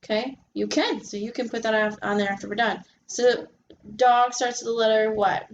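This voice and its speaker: A woman's voice: on the high side, fairly even intonation, moderate pace, highs cut off, a little hiss or hum. A woman tutoring a young child in reading, patiently sounding out letters and encouraging her. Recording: echoey room recording.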